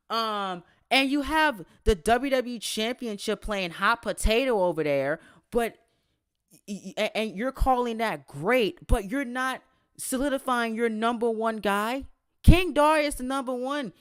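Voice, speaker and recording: A man's voice: very high voice, a bit bright, clean tone, no echo, clean studio sound, exaggerated voice. A man voicing an indignant, theatrical male wrestling fan who stammers through mock outrage, read out on a podcast. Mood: ranting. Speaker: podcast host reading a listener email. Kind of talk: exaggerated dramatic reading.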